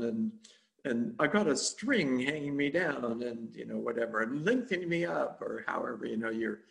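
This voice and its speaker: Male meditation teacher with a mid-range, gravelly voice, chatty and chuckling, giving a loose dharma talk. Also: medium pitch. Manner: rambling, chuckling, conversational.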